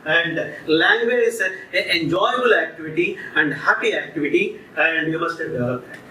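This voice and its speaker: A man's voice: a little high, lively intonation, sharp tone, slight background noise. Man teaching a lesson. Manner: explains slowly with repetitions and many fillers. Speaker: English teacher. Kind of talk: classroom lecture. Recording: echoey room from some distance.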